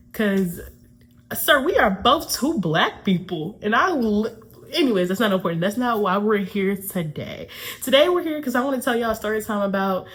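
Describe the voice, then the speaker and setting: A young woman from Atlanta telling a casual storytime to her channel, chatty and quick to break into nervous laughter. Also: medium pitch. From Atlanta, USA. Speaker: YouTuber.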